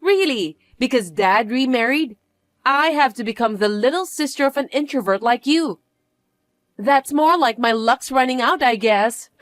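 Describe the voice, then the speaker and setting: A woman's voice: sits high, lively intonation, moderate pace, no room sound, clean studio sound. A woman doing a bratty, boastful young stepsister. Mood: mocking. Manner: haughty, taunting, demanding. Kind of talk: dramatized story acting.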